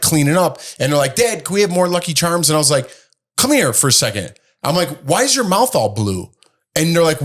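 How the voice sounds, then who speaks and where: A man in his thirties co-hosting a casual podcast, telling a rambling story and acting out quotes with lively voices. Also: fairly high pitch. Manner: rambling, animated storyteller who acts out quotes. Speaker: podcast co-host.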